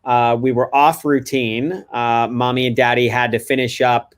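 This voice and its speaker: A man's voice: medium pitch, little pitch movement, normal speed. A man co-hosting a podcast, telling a story about his family in a candid, self-reflective way. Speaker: podcast co-host and father. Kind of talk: casual podcast chat.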